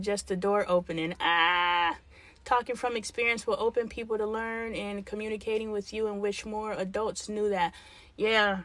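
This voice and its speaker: A woman's voice: mid-range voice, fairly bright tone, dry recording. A middle-aged woman hosting a livestream, chatting frankly and thinking aloud as she answers viewers' comments. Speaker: livestream host. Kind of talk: casual livestream chat reading comments.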